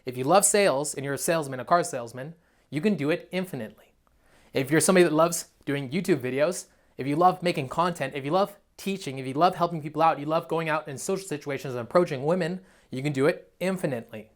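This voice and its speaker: A man's voice: a little high, quick pace. A young man, a dating coach, giving a blunt, profane, emphatic motivational monologue. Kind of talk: motivational self-help monologue.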